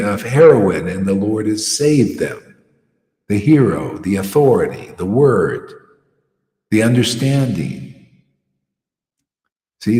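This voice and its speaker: Male preacher, casual mocking sermon delivery, reverberant hall sound. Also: fairly low pitch. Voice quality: animated, scornful, mocking quacks, laughs often. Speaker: spiritual teacher. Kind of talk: informal devotional sermon. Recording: echoey room with long reverb.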